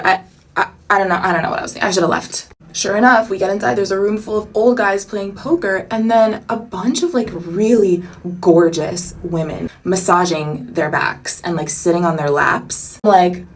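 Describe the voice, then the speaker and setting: A young woman telling a personal story in a chatty storytime vlog, animated and full of asides. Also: mid-range voice, far from the mic.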